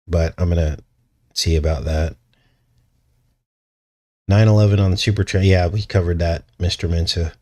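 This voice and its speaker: A man's voice: sits low, a little fast, a little mellow. A man hosting a casual livestream, rambling and chuckling as he answers his viewers' chat. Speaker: channel host.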